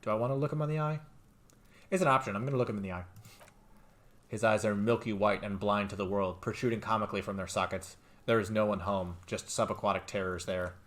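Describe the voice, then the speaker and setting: A man streaming a game, reading its dialogue and text aloud and commenting between lines, jumping up in pitch when something excites him. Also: slight background noise. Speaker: let's play streamer. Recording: faint game music behind.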